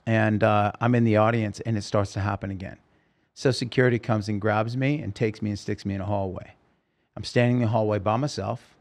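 A middle-aged man, a singer, telling a long personal story in an interview and acting out the lines of people in it. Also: lowish voice. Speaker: podcast guest, singer.

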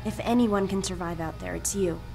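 An actress voicing a sincere, dutiful young woman in a video game, concerned and gently firm. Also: fairly low pitch, a little fast, creaky, husky, soft background music. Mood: earnest.

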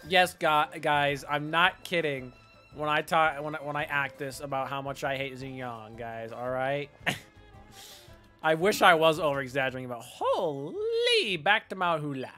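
A man's voice: fairly high pitch, expressive, a little slow, bright, forceful tone, faint music behind. A man streaming a game, giving sarcastic, ranting, joking commentary. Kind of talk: gameplay commentary.

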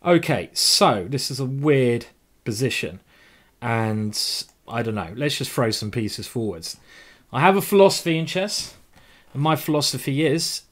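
Casting: English man, mid-pitched, live game commentator, thinks out loud over each move, quick jokes and the odd swear. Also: expressive. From England. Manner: chatty, jokey, thinks aloud over moves, swears casually. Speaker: chess grandmaster streamer.

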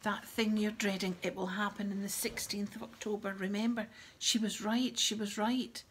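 A woman reading as a tearful, melodramatic teenage girl, high and sobbing. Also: normal speed, slight background noise, natural voice. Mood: tragic. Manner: tragic, sobbing delivery.

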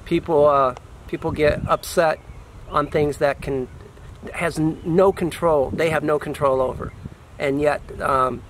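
A man in a casual outdoor chat speaking earnestly, in halting phrases with frequent restarts. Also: fairly high pitch, fairly even intonation, slight background noise, low-quality recording. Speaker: guest, healthcare business owner. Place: outdoors by a road.

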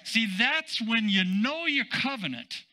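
A man's voice: very high-pitched, lively intonation, a little slow, pushed and bright. A man who is a senior pastor preaching a sermon, chatting with asides and then building to emphatic declarations.

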